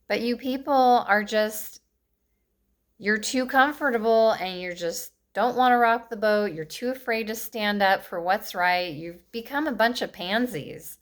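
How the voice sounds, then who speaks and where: A woman's voice: mid-range voice, measured pace, a bit bright. A woman in her fifties ranting passionately to camera, blunt and scolding, with short bitter laughs between points. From United States. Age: 50s. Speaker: vlogger. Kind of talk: impassioned political rant to camera.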